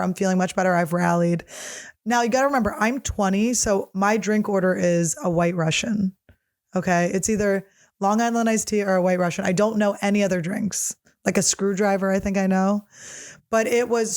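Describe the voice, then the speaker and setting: Animated profane woman telling stories. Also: mid-range voice. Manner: animated, profane, rambling with fillers. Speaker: podcast host. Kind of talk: casual comedic storytelling.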